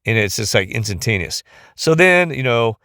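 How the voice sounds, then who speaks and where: A man's voice: medium pitch, sing-song, moderate pace, pushed and bright, no echo, clean studio sound. A tired middle-aged man talking in a rambling casual monologue, often losing his thread and restarting, recorded on a phone. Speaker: vlogger.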